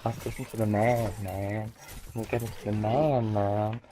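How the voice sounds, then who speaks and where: A man's voice: on the low side, flat delivery, mellow, slight background noise, lightly acted. A teen boy doing a drawling stoner dude. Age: teens. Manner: slow drawl, tagging "man" on everything. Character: drawling laid-back male stoner.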